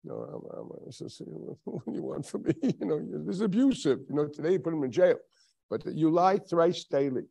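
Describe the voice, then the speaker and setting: A man's voice: a little high, sing-song, brisk, vocal fry, few pauses, warm tone, husky. A man in his seventies, a rabbi giving a sermon, telling stories with frequent chuckles and rhetorical questions. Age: 70s. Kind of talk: Tisha B'Av sermon.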